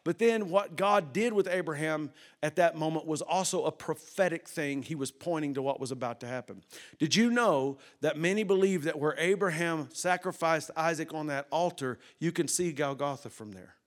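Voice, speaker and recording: A man preaching a sermon, moving from hushed tones to loud emphasis and asking the congregation questions. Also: fairly high pitch, moderate pace.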